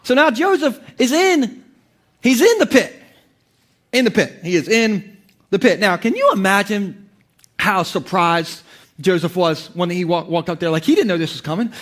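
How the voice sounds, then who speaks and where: High-voiced playful male preacher. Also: expressive, moderate pace, a bit bright. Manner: playful, joking, conversational with many restarts. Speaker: pastor. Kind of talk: sermon.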